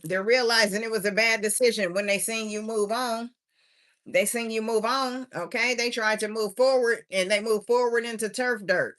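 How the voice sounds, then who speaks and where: A woman's voice: a little high, fairly even intonation, moderate pace, fairly bright tone. A tired woman doing a chatty, drawling live tarot reading, with sing-song refrains. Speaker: tarot reader streaming live. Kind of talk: casual livestream tarot reading.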